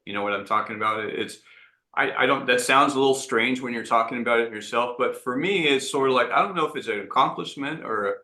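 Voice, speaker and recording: A man's voice: mid-range voice, fast, pushed and bright, reverberant. A man speaking earnestly as an entrepreneur guest in an interview, often restarting his sentences. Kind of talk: reflective interview talk.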